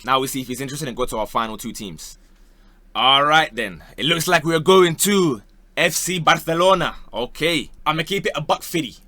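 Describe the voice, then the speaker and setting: A young man talks football in a loose, comic way, full of slang and quick bits. His voice sits a little high and sounds bright and forceful. The sound is close and dry. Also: no room sound. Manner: playful and slangy, slipping into joke voices. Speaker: football YouTuber. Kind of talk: comedic football talk.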